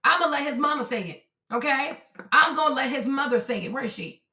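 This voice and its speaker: Blunt high-voiced woman streaming, roomy sound. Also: fairly quick, pushed and bright. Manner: blunt, profane, lecturing a chat viewer. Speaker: livestream host. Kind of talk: live-stream commentary.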